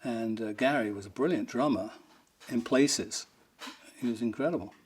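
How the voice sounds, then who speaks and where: A man's voice: medium pitch, normal speed, darkish tone, husky. A man, a rock guitarist, telling fond, rambling anecdotes in an interview, amused and laughing now and then.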